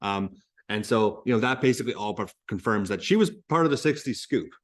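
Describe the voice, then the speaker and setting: A man's voice: on the low side, lively intonation, fairly quick. A man reading a play aloud as a teacher and stopping to explain details in a conversational way.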